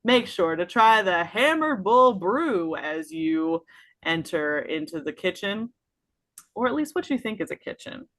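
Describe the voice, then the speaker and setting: A woman's voice: fairly low pitch, expressive, fairly bright tone, no echo. A woman doing a fussy dwarf barkeep. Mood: mumbling. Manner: hurried, mumbling.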